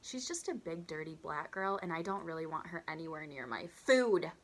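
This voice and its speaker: A woman's voice: low-pitched, expressive, normal speed. A woman mimicking a curt, snobbish older lady. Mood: cold. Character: rude, snobbish older woman restaurant customer.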